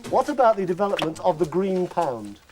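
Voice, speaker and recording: A man presenting a mock political interview on live children's TV, deadpan and mock-serious. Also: high-pitched, a little fast, noisy background. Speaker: comedy presenter.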